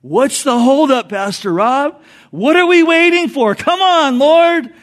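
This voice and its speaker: Brief: man doing an eager impatient believer, high and pleading. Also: animated, a little slow, fairly bright tone, heavily acted. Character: impatient churchgoer urging the Lord to hurry.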